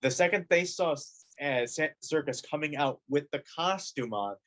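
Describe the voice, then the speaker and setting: A man's voice: on the high side, lively intonation, moderate pace, fairly bright tone. Young man eagerly sharing film trivia. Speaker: podcast co-host. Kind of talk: casual podcast chat.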